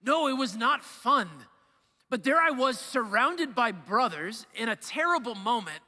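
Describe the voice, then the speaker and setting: A young male priest preaching with a high, bright voice that rings through a church's long reverb. He tells personal stories in a relaxed, conversational way and acts out the lines he quotes. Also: unhurried.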